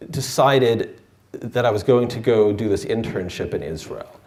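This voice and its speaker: A man tells a personal story with dry, self-deprecating humor. His voice sits at a middle pitch but moves around a lot as he talks. The sound is roomy, with clear echo. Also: darkish tone. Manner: wry, self-deprecating delivery. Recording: echoey room.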